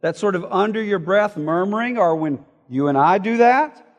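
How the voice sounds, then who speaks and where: A man preaching an expository sermon, explaining word meanings and reading scripture aloud, moving between loud emphasis and quiet asides. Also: high voice, expressive, moderate pace. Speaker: pastor. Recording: hall reverb.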